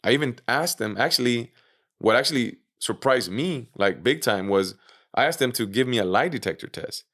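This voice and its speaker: A man's voice: medium pitch, animated, normal speed, a bit bright. A man being interviewed on a podcast, casually retelling his own story with lots of fillers, swearing and acted-out quotes. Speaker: interview guest.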